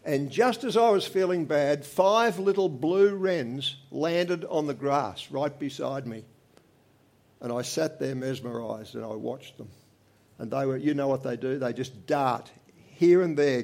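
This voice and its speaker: Older man giving earnest testimony. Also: on the high side. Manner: earnest storytelling, swings from animated to quiet. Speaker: church member giving a testimony. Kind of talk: personal testimony to a congregation.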